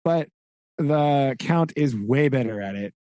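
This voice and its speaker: A man's voice: mid-range voice, animated, slow pace, warm tone, no room sound. A man co-hosting a casual book discussion, rambling along with lots of "like" and "right?" and laughing at his own asides. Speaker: podcast co-host.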